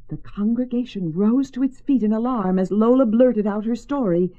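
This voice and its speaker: A woman gently and expressively reading a children's story aloud, in a slightly muffled lo-fi recording. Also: a little high, normal speed, few pauses. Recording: slightly muffled lo-fi with faint music.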